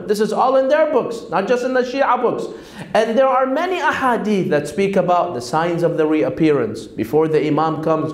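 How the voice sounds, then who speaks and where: A man giving a sermon to a congregation, posing rhetorical questions and quoting opponents. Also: sits high. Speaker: speaker at a religious lecture. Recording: echoey hall.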